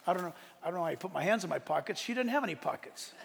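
High voiced guy preaching a sermon, gravelly, lots of joking around, big echoey hall. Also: rapid-fire. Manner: animated preaching with jokes and acted-out voices. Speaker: pastor. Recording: hall reverb.

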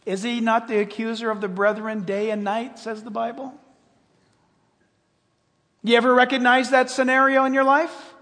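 Man, pastor, sermon, emphatic, rhetorical questions, high voice, echoing hall. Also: little pitch movement, normal speed, pauses often, pushed and bright.

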